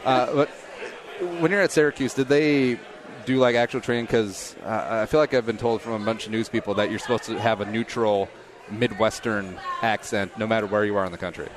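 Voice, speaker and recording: Man, middle-aged, podcast host, lower pitch, playful joking, casual chat, chatter in background. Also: steady tone. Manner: joking, quick asides.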